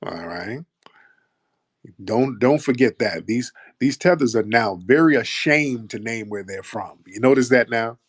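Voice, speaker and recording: A man's voice: medium pitch, expressive, measured pace, breathy edge, no echo, studio quality. A man hosting a comedic call-in show, mocking and repetitive as he confronts his callers. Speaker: host. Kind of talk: comedic call-in radio talk.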